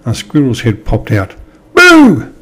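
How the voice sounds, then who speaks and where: A man reading a children's story aloud in an expressive storytelling manner. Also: medium pitch, normal speed, breathy edge. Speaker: storybook reader.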